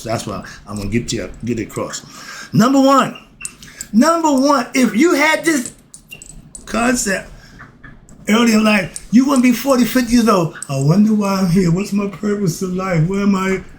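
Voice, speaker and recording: A man with a fairly high voice teaches an informal lesson in a streetwise, preachy way. He swears and laughs, flares into heated rants, then calms himself down. There is faint noise behind him. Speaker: self-styled philosophy teacher. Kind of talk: informal spoken lesson to viewers.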